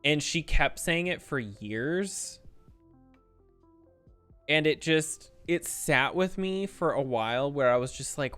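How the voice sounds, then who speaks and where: A male streamer in a casual, animated rant, swearing freely and restarting his sentences as he talks. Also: fairly high pitch, slow pace, smooth, no echo, faint music behind.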